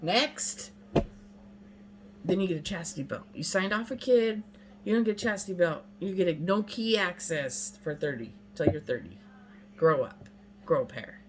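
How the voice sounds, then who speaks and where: A woman's voice: lowish voice, lively intonation, moderate pace, poor audio. A woman in her fifties venting bluntly and emphatically to her viewers, exasperated and repeating herself for emphasis. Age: 50s. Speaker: vlogger. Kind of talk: casual rant to camera.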